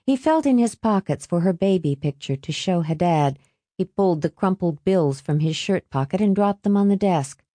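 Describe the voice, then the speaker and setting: A woman reading an audiobook in a steady, even scripted narration, close to the mic. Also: on the low side, moderate pace, no echo.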